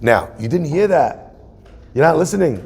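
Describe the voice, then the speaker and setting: A man's voice: on the high side, big pitch swings, moderate pace, creaky, darkish tone, slightly rough. A man in his forties, a rabbi, giving a joking, conversational sermon and asking the audience questions. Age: 40s. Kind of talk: humorous sermon. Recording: long hall reverb.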